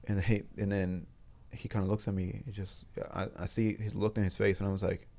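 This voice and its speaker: Male interview guest, low gravelly voice, earnest and halting, restarts sentences often. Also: flat delivery, mellow. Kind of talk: personal storytelling in a studio interview. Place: studio.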